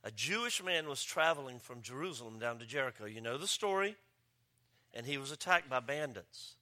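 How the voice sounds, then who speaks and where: A man preaching a sermon as pastor, joking and telling stories with lively delivery. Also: mid-range voice, fairly quick. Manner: joking, animated storytelling with voices. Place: church campus.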